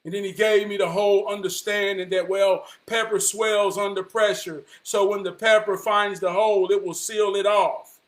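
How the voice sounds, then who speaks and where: A man, telling a personal story in an animated, vernacular way. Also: high voice, moderate pace. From Charlotte, North Carolina. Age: 40s. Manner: animated, vernacular, quotes people in dialogue.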